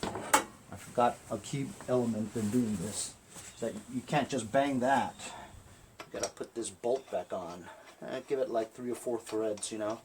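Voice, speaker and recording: A small-engine repair vlogger works on a lawn tractor engine, casually walking viewers through the repair and chatting to them as he goes. He speaks in an unhurried, lowish voice against a noisy background.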